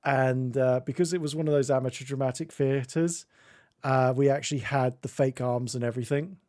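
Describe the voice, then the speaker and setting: A man hosting a game stream, telling stories in casual chat, laughing often and dropping into quick silly voices. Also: medium pitch, steady tone, darkish tone, no echo, clean studio sound. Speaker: streamer host. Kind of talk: casual chat while gaming.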